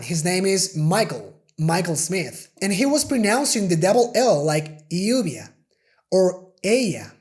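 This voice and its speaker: A man's voice: high voice, a little mellow. A man with a Spanish accent whose first language is Spanish teaches a pronunciation lesson in English. He explains patiently and repeats example words again and again to show each sound.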